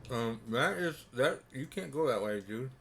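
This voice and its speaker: A man's voice: mid-range voice, animated, normal speed, gravelly, slight background noise. A man playing a truck game alongside a friend, chatting casually, laid-back and teasing. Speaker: co-player. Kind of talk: casual gameplay chat.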